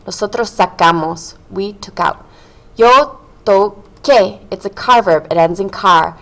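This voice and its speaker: Lady teacher doing a verb drill video, clear and patient, steady middle voice. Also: medium pitch, low-quality recording. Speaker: Spanish teacher. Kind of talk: video grammar lesson.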